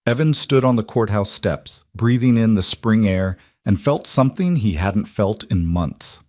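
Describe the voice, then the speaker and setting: A man narrating a scripted drama story in a measured, even way. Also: on the low side, no echo, studio quality.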